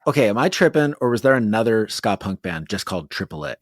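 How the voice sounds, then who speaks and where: A man, a podcast co-host, chatting in an animated, jokey way. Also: on the low side, fast talker. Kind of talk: casual chat.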